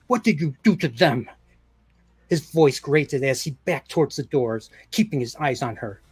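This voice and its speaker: A mannered actress reading a fantasy novel aloud, dragging out her words with husky airs, as a man imitates her. The voice lifts theatrically over lines of dialogue, with a little rasp underneath. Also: a little high, heavily acted. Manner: affected, drawn-out reading voice. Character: impression of a famous English actress narrating an audiobook.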